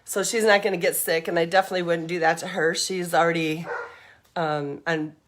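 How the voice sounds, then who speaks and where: Her voice sits on the low side, with fairly even intonation and a slightly fast pace. This middle-aged woman is out walking around her home and yard during a casual livestream, chatting in an upbeat, rambling way while a bit winded.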